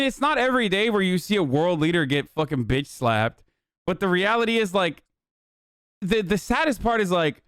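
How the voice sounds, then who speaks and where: A young man streamer reacts to news in casual, profane, incredulous talk. His voice sits high for a man. The sound is dry and close, without room echo. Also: a bit bright, clear, resonant tone.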